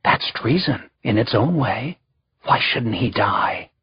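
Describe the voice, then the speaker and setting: A man's voice: medium pitch, lively intonation, a little slow, vocal fry, lo-fi sound, a little hiss or hum. A man voicing a scheming, smirking older royal vizier who speaks in a sly, coaxing way.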